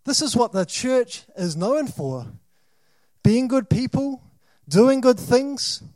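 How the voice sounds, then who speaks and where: Man, New Zealand accent, sermon, high voice, dry close sound, probing questions. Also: very animated, takes it slowly, a little mellow, dry recording. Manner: questioning, dramatic, rising to emphatic bursts. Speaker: preacher.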